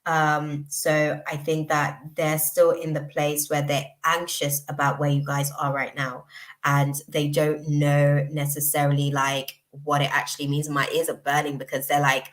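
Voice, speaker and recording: A woman's voice: deep voice, completely flat delivery, measured pace. A woman giving a live tarot reading, hesitant and chatty, with many fillers as she searches for words. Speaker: tarot reader.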